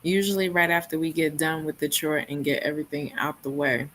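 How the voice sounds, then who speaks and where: A woman's voice: sits low, brisk, slight background noise, poor audio. A woman hosting a book club livestream, reading viewer comments aloud and chatting casually. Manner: relaxed, reads comments aloud.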